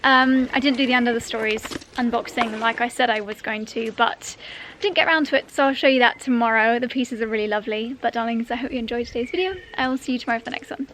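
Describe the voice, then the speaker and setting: Chatty female vlogger, slightly high, light room and garden noise behind. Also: fairly even intonation, quick pace, fairly bright tone. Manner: chatty and upbeat, addresses viewers as darlings. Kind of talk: casual vlog chat. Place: home and garden.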